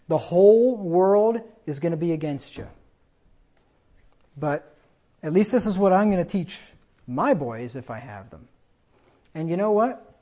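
A man's voice: on the high side, mellow. Conversational male preacher, lo-fi. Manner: conversational, with tag questions and quoted dialogue. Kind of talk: sermon.

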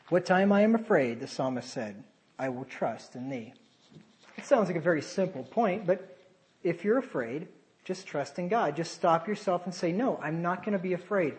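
Animated man preaching a sermon. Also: fairly high pitch, low-quality recording. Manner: animated, sarcastic asides and emphatic drops to quiet.

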